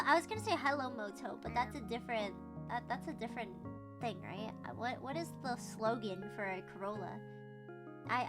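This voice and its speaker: A bubbly young woman streamer with a bright, high voice chats casually into her microphone. She giggles often and gushes over things, and music plays clearly behind her. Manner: bubbly, giggly, self-promoting. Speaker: livestreamer. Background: background music.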